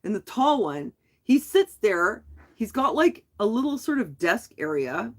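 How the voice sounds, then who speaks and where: A woman vlogger talking casually on a live stream, telling a story in a rambling, animated way with frequent restarts. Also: medium pitch, unhurried. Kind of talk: casual chat.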